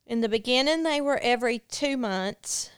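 A woman's clean-toned, slightly high voice recounts something personal during a podcast interview. Her delivery is sincere and open, broken up by halting fillers.

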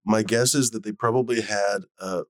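A man's voice: lowish voice, steady tone, normal speed, fairly bright tone, no room sound. A man hosting a casual stoned chat show, rambling loosely and swearing often. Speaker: show host.

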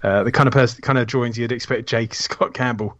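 A man's voice: medium pitch, steady tone, fast, fairly bright tone, no echo. A man co-hosting a comics podcast, talking in a laid-back, offhand way. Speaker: podcast co-host. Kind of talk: casual chat. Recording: dull, dry sound.

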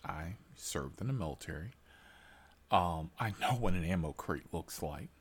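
A man rants to his followers, dropping constant profanity and hammering home each point. His low voice swings widely in pitch as he slows down to drag out key words. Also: husky. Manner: animated, profane, emphatic. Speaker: military veteran driver telling a story. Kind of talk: storytelling rant to followers.

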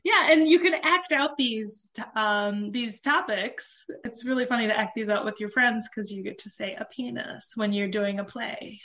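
A chatty woman guest talks casually about her comedy writing, with a somewhat high voice and lots of fillers. The recording sounds slightly dull and muffled. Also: normal speed, few pauses, sharp tone. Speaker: comedy book author, guest. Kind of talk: casual chat.

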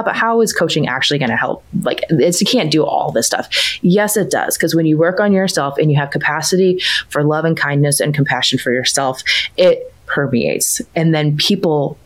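A woman, a mother and coaching client, telling a personal story in a casual, chatty way, full of "like" and "you know", going livelier when she quotes her children. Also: sits low. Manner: chatty, lots of fillers like "like" and "you know", animated when quoting her kids.

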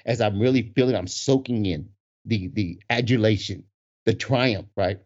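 A man in his forties with a husky voice, telling a story casually with lots of laughter. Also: lowish voice, moderate pace. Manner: animated, laughs often, acts out voices in quotes. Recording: dull lo-fi recording.

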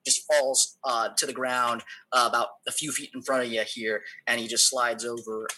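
A man narrates a tabletop game as its game master, his voice bright and a little husky. He rambles through the action with plenty of fillers and restarts. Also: mid-range voice, level tone, moderate pace, rough recording.

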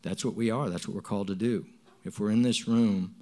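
Halting, earnest man giving testimony. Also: on the low side, fairly even intonation, mellow. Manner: halting and earnest, with many restarts and repeated words. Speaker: church member giving testimony. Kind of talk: spoken testimony to a congregation.

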